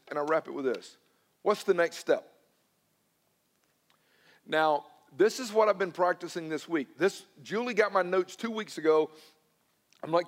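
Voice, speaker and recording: A male pastor, preaching a sermon and swinging between loud emphatic lines and hushed, personal ones. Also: high-pitched, long reverb tail. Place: church sanctuary.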